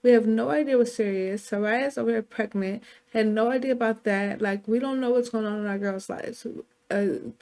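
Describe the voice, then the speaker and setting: A woman's voice: fairly high pitch, moderate pace, few pauses, darkish tone, close to an everyday voice. A woman voicing a coaxing game husband. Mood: pleading. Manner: soothing, reasoning, calls wife babe. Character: middle-aged husband and father, calm, coaxing.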